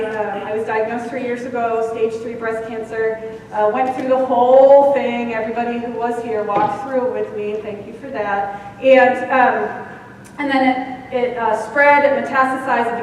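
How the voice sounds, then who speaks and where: A middle-aged woman minister giving a sermon, speaking candidly and laughing at herself as she talks. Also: on the high side. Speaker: senior minister. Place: large church hall. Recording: echoey hall, distant mic, faint hiss.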